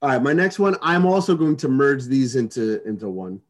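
A man's voice: mid-range voice, big pitch swings, normal speed. A man telling a long story in casual chat, rambling with many restarts, fillers and swear words.

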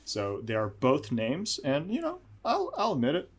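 A man's voice: a little high, huge pitch swings, normal speed, slightly rough. Trivia host guy on a podcast, laughs at his own slipups, acts out what people said. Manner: self-deprecating storyteller, quotes people in his stories. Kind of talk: casual podcast chat.

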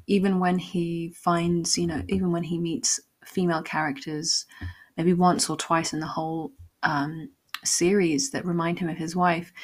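A woman hosting a solo podcast, talking in a reflective, meandering way with many fillers and restarts. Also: lowish voice. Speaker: podcast host. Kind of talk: casual solo podcast ramble.

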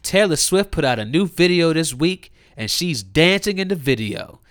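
A man's voice: fairly high pitch, animated, normal speed, dry recording. Heated, cursing young man with a dry voice. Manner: heated, mocking, swinging between loud outbursts and muttered asides. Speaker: commentator. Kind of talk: profane comedic rant.

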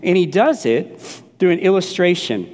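A man's voice: high-pitched, normal speed. A middle-aged man from New Orleans preaching a sermon, telling stories emphatically and acting out the quoted voices. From New Orleans, USA. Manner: animated storytelling, emphatic, acts out quoted voices. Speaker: pastor. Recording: long hall reverb.

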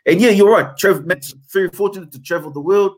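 This man, a company founder who teaches haka, speaks with a New Zealand accent and a high voice. He moves briskly through his stories in a casual interview, animated and emphatic.

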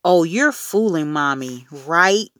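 A woman voicing a frantic, doting mother who talks in a shrill, pleading way, in a storybook reading. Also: lively intonation, slow, fairly bright tone, dry recording, studio quality. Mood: exasperated.

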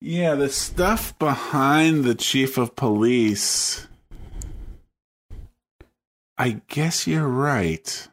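A man co-hosting a podcast in casual chat, relaxed and agreeable, thinking aloud. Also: medium pitch, takes it slowly. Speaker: podcast co-host.

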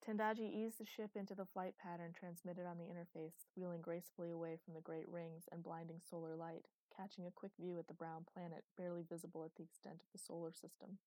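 Dark-voiced woman narrating. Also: lowish voice, flat delivery, fast talker, few pauses, no room sound, poor audio. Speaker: audiobook narrator. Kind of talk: scripted narration.

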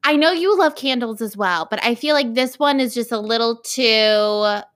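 A woman's voice: on the high side, normal speed, a bit bright. A woman co-hosting a podcast in casual, chatty talk, laughing easily. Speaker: podcast co-host. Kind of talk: casual chat.

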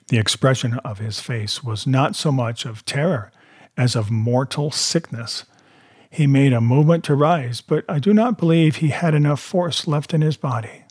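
A man narrating a novel aloud in a steady, measured way. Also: medium pitch, breathy edge, no echo, studio quality.

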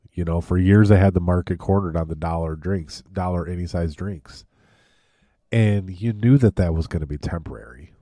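A man with a Michigan accent answers questions on a podcast in an easygoing, unhurried way. His voice is deep, and the recording is dry and close. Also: dark tone, no echo. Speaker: podcast co-host. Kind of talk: casual chat.

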